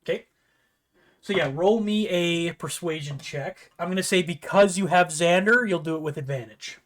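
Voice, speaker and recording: A man running a tabletop game as game master, narrating in a relaxed, rambling way. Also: sits high, moderate pace.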